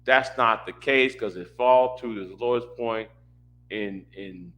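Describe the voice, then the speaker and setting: A man rants in an exasperated, repetitive way, stumbling over his words as he restarts sentences. His pitch sits in an ordinary middle range for a man. He sounds tired of the people he is answering. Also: takes it slowly, a bit bright. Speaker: commentator reacting to a panel stream. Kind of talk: casual rant.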